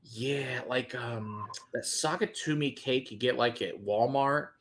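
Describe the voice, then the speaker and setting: A man's voice: medium pitch, measured pace, a bit bright. A man co-hosting a casual whiskey tasting, listing flavor notes with enthusiasm. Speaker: whiskey reviewer, co-host.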